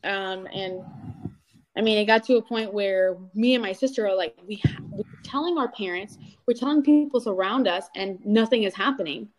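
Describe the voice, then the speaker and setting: A young adult woman speaks candidly as an interview guest. She talks in an animated, storytelling way and often acts out what other people said. Her pitch sits in the middle of the range. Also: normal speed. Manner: animated storytelling, acting out quoted voices.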